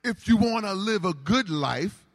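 A man preaching a sermon in a call-and-response style, building to shouts. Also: high-pitched, expressive, unhurried. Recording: reverberant hall.

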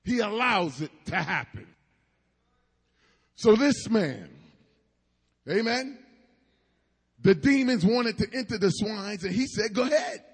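A man's voice: high-pitched, gravelly, husky, in a large hall. A man preaching a sermon with emphatic cadence and asides to the congregation.

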